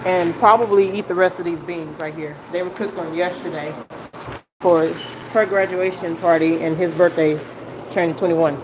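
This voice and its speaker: A cooking show host with a lowish, steady voice demonstrates a recipe live from her home kitchen, chatting and giving instructions at a moderate pace as she works. It's recorded on a phone, with kitchen vent hum in the background.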